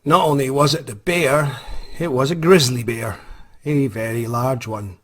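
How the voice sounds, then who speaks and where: A man's voice: medium pitch, measured pace, a bit bright, a little hiss or hum. A Scottish man, an author, tells a story in a rambling, self-mocking way, hesitating with many ums. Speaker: author, vlogger. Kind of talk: casual storytelling.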